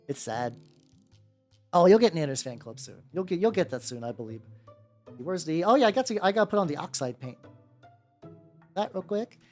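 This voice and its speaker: While painting miniatures on a live stream, a man chats casually, his pitch swooping up and down. He often restarts sentences, swears freely and keeps greeting viewers, as soft music plays faintly beneath him.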